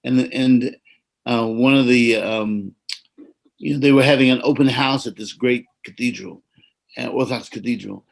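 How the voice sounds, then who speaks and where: A man from the United States, an Orthodox priest, telling a personal story in a gentle, reflective, preacherly way over a video call. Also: medium pitch, steady tone, normal speed, vocal fry, low-quality recording.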